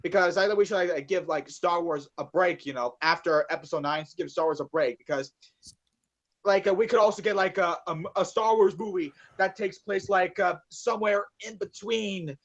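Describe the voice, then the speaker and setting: A man's voice: high voice, moderate pace, a bit bright, muffled recording. A man co-hosting a casual podcast about movies, rambling with many fillers and swearing. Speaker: podcast co-host.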